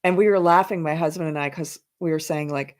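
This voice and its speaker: A chatty woman hosts a live stream, rambling through stories and answering comments from her chat. Her voice sits low for a woman, and she laughs easily as she talks. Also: steady tone, brisk, a little mellow. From South Carolina, USA. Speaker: livestream host. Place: indoors while traveling. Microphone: headphones in, computer mic.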